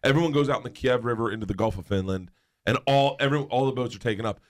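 Animated man telling wild stories. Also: mid-range voice, rapid-fire. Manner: animated, laughs often, acts out voices in stories. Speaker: guest storyteller. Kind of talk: casual chat, anecdote telling.

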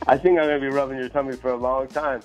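A man's voice: mid-range voice, flat delivery, very fast, over loud music. A flustered young man on a phone call, laughing and stammering. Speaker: prank call victim.

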